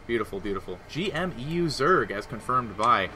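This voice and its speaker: A man casting a live game as host, chatty and animated with the audience. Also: mid-range voice, moderate pace. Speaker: esports caster.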